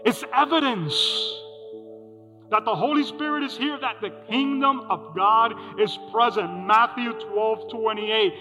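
This pastor's sermon to his congregation in a church hall comes through a muffled recording, his high-pitched male voice moving a little slowly. He poses questions to them and repeats his main lines, with music under the hall's reverb.

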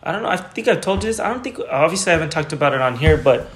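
A man co-hosting a podcast, telling a story in a casual, profane, animated way. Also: a little high, very fast, echoey room. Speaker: podcast co-host.

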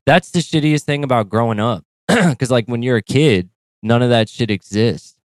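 A man's voice: mid-range voice, moderate pace, no echo. A man co-hosting a podcast in a laid-back, profane, casual chat. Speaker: podcast co-host.

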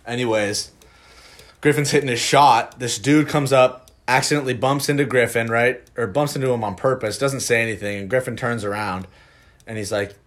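A man's voice: mid-range voice, normal speed. A young man co-hosting a podcast, telling a rambling, profane anecdote in casual chat with lots of restarts. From Northern California. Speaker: podcast co-host.

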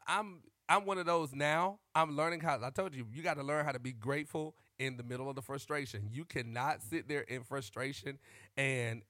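A man vlogging into a close microphone, joking and riffing like a preacher, animated and shouting at times and calling out to y'all. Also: fairly high pitch, no echo. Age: adult. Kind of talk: comic monologue with preacher-style riffs.

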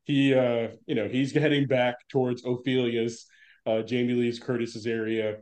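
Man, podcast co-host, wry joking tone, mid-pitched. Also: little pitch movement, normal speed, a little mellow. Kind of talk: casual chat.

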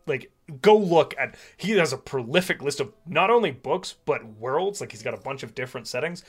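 A man's voice: mid-range voice, pushed and bright. Chill guy gm rambling on a podcast, lots of uhs and likes, faint music behind. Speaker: podcast co-host and game master. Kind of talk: casual chat.

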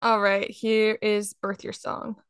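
A young woman co-hosting a podcast, telling stories in a casual, giggly, animated way. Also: mid-range voice, takes it slowly, clean tone, no room sound. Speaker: podcast co-host. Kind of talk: casual chat.

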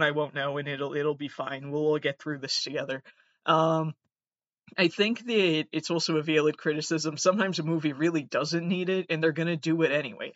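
A man's voice: on the high side, a bit bright, no echo, muffled recording. A man with a nasal voice hosting a solo podcast, talking in a sardonic, exasperated way and swearing often. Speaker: podcast host.

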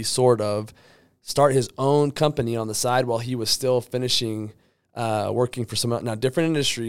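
A man telling a motivational story in a blunt, profane way, with sudden loud bursts. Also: medium pitch. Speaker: motivational speaker. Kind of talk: energetic storytelling monologue.

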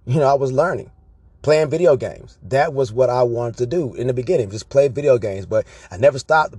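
Husky man telling animated stories. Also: medium pitch, no room sound. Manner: animated, profane, tag questions like "right?". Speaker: vlogger. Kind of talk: casual storytelling monologue.

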